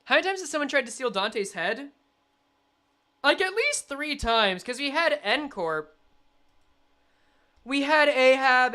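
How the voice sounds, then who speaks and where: A young woman streaming a game, chatting and reading the story aloud, animated and quick to laugh. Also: on the high side, clear, resonant tone.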